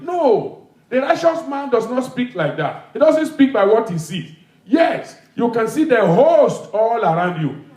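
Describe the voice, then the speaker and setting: A man's voice: extremely high pitch, darkish tone. A male pastor preaching an emphatic, repetitive sermon with call-and-response, in a church hall.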